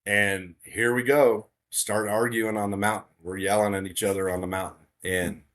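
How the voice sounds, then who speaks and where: A man's voice: fairly low pitch, flat delivery, normal speed, a bit bright. A man as a podcast guest telling a story in casual conversation, earnest, repeating words for emphasis.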